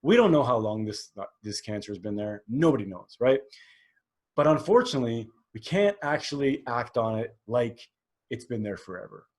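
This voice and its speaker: A man in his forties hosts a solo podcast in an expressive, mid-range voice at a moderate pace. He speaks candidly and rambles, with many fillers and restarts.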